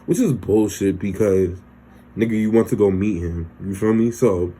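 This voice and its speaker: A man's voice: lowish voice, normal speed, warm tone, a little hiss or hum. A young man recapping a TV episode in loose, slangy, profane casual chat. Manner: loose, slangy and profane, acts out characters' lines. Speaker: TV recap vlogger.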